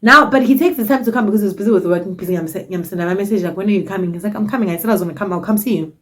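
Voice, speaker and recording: South African woman, twenties, vlogger, dramatic cheeky storyteller, mid-pitched voice. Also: rapid-fire, a bit bright. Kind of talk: casual storytime.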